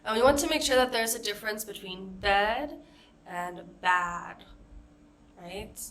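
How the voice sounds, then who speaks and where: An American accent coach with a mid-range, fairly bright voice gives a pronunciation lesson at a measured pace. She patiently models vowel sounds and example words one at a time.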